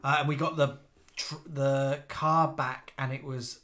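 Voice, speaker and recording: A man's voice: medium pitch, steady tone, unhurried, sharp tone. A man from the UK co-hosting a live stream, chatting casually and reading out viewers' comments. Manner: chatty, gossipy storyteller.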